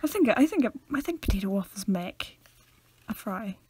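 A young Northern Irish woman co-hosting a podcast, teasing and often trailing off into a soft mumble. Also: medium pitch, big pitch swings, normal speed, slight background noise. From Northern Ireland. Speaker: podcast co-host. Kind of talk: casual chat.

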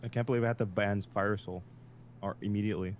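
A man's voice: lowish voice, steady tone, quick pace, slight background noise. A young man streaming, chatting casually with dry, teasing jokes. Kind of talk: casual gaming stream chat.

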